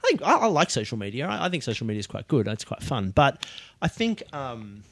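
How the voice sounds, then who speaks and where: A man's voice: mid-range voice, sing-song, brisk, vocal fry, no room sound. A man co-hosting a comedy podcast, rambling through casual musings. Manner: rambling, self-interrupting musings. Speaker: podcast co-host. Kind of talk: casual banter.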